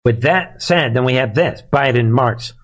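A man's voice: medium pitch, unhurried. A man hosting a live commentary show, talking in a sarcastic, emphatic way and often addressing listeners as "folks.".

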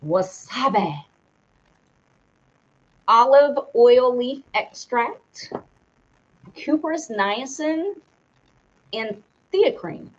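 Fairly high-pitched with lively intonation, this woman draws out her words and pauses often. She's a co-host on a casual live stream reading sponsor product details aloud, fumbling tricky words and chuckling at her own slips, all in dull lo-fi audio.

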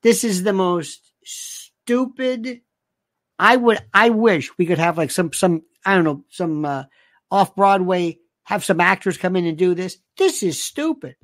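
A man's voice: sits high, measured pace, a bit bright, dry recording, studio quality. A man hosting a livestream, talking in a casual, sardonic way and often dropping to a near-whisper. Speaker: livestream host. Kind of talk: casual commentary.

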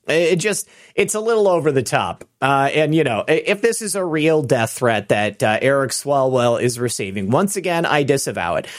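A man's voice: medium pitch, big pitch swings, normal speed, few pauses. A man hosting opinionated political commentary, sarcastic and indignant. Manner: sarcastic, indignant, chuckling asides.

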